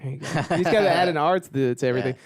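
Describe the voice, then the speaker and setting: A man's voice: on the high side, rapid-fire. A man co-hosting a podcast, chatting casually and reading news aloud with a joking, laughing manner. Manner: joking, animated, laughs often. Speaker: podcast co-host.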